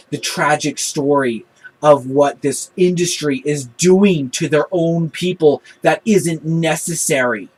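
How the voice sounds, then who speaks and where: A man giving a casual spoken review of a show episode, retelling scenes in a passionate, animated way. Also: mid-range voice, husky, poor audio.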